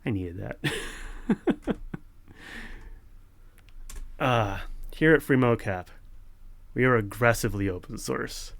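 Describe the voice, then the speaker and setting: A man who develops open-source software, swearing and ranting in indignant, sarcastic outbursts while he codes, then laughing at himself. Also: lowish voice, slow pace, gravelly, pauses often, dry recording. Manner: laughs at himself between rants. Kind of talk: ranting while coding on screen.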